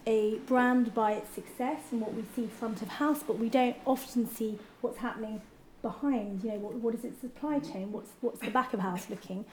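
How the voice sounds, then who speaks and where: A woman's voice: on the high side, normal speed, hardly any pauses, a little mellow. A woman from Britain moderating a live panel talk, hesitant, with many ums and restarts. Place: event venue, live audience. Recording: echoey event hall with faint noise.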